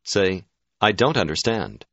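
Man, very deep voice, language course narrator, clear measured prompts, dry dull lo-fi recording. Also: big pitch swings, fairly bright tone, no room sound. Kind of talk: scripted instructional narration. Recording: dull, dry studio audio.

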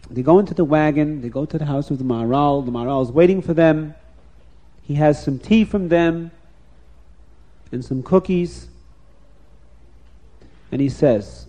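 Expressive male children's storyteller. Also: fairly high pitch, a little slow, pauses often, highs cut off. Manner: lively, expressive, swinging loud and soft.

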